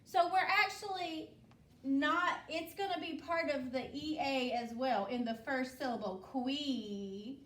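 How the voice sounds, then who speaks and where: A woman's voice: sits high, takes it slowly, fairly bright tone. A woman teacher leading a spelling lesson, patient and instructive, checking in with "okay?" after each step. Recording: echoey room, voice from a distance.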